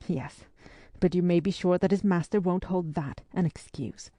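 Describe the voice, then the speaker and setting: A woman reading the part of a brisk, firm English spinster hostess in an audiobook. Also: lowish voice, mellow, dry recording, close to an everyday voice.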